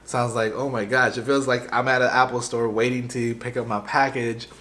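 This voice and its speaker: A man's voice: mid-range voice, a little fast. Young man rambling through a story. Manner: rambling, animated retelling with many fillers and restarts. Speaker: vlogger. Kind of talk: casual storytelling to camera.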